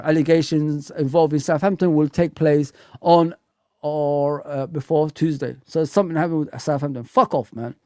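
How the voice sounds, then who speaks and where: A man's voice: fairly high pitch, dry recording, studio quality. A man hosting a live football fan stream, teasing viewers, bantering and swearing often. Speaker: football fan channel host.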